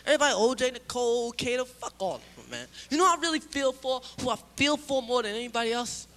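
A man doing a stand-up comedy routine, loud and profane, shouting his punchlines. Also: very high-pitched, animated, fast talker. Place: live comedy venue with audience. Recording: loud crowd and noisy live recording. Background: crowd laughing.

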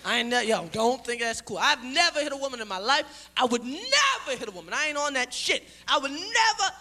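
A man doing a stand-up comedy routine, loud and profane, shouting his punchlines. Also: extremely high pitch, big pitch swings, fairly quick. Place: live comedy venue with audience. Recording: loud crowd and noisy live recording. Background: crowd laughing.

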